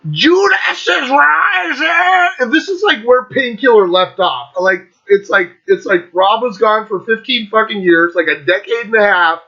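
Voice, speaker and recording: Male host, casual rambling chat full of profanity; forceful, bright tone on a muffled, lo-fi recording. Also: high voice, normal speed, few pauses. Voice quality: heavy swearing, loose filler-laden talk. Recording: lo-fi dull recording.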